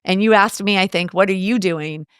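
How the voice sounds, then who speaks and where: A woman's voice: medium pitch, moderate pace, fairly bright tone, smooth, dry recording, clean studio sound. A woman in her late fifties from the United States, chatting animatedly as an interview guest and telling stories with rhetorical asides. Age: 50s. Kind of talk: casual interview conversation.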